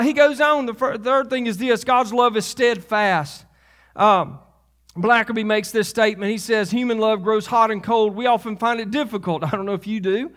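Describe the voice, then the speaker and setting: A man's voice: very high voice, a bit bright. A man preaching a sermon as pastor, conversational, with asides and laughs at himself.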